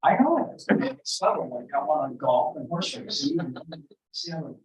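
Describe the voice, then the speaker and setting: A man's voice: a little high, sing-song, measured pace, reverberant, recorded from a distance, poor audio. A man in his sixties emceeing an event with rambling, joking stage banter and loose asides. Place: event venue.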